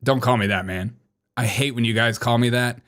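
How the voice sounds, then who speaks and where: A man's voice: medium pitch, steady tone, fairly quick, a bit bright. A man hosting a comedic live stream, full of sarcastic, jokey asides. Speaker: host.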